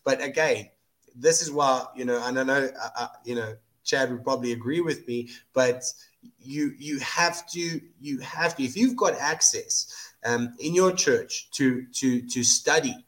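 A man's voice: medium pitch, unhurried, a bit bright. A man hosting a podcast, talking through scripture in an earnest, casual way and often repeating words while he thinks. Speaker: podcast host. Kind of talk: casual Bible discussion.

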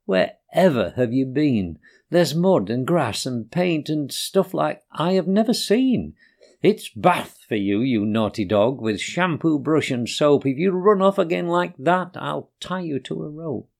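A man's voice: on the low side, huge pitch swings, unhurried, gravelly, hardly any pauses, dark tone, heavily acted. A man doing a fussing, mock-stern dog owner woman. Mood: scolding. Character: scolding but loving woman dog owner.

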